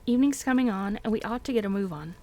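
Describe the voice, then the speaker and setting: A woman voicing an impatient, bloodthirsty male orc soldier who talks in a hurried, raised voice. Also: medium pitch, animated, a little mellow, close to an everyday voice.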